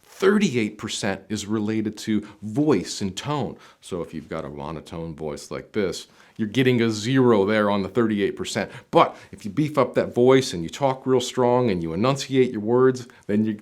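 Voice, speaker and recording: A man hosting a job interview tips video, talking straight to the viewer in an emphatic coaching manner that swings between punchy lines and quieter asides. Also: fairly low pitch. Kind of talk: direct-to-camera instructional talk.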